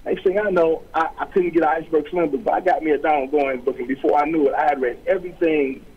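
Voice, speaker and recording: A man's voice: fairly high pitch, steady tone, fast, husky, phone-quality sound. A middle-aged man, a guest author, telling his story in an interview with streetwise slang, acting out quoted voices.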